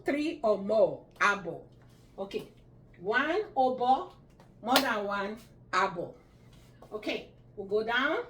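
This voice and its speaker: A woman teaching body-part words in a slow, patient lesson, repeating each word and checking with listeners. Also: on the high side. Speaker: language teacher. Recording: echoey room, mic at a distance.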